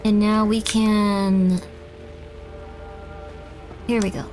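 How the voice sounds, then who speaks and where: A woman's voice: mid-range voice, little pitch movement, very slow, darkish tone, soft background music. Rambling young woman streamer. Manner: rambling, self-deprecating, bursts into panicked shrieks. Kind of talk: casual gameplay commentary.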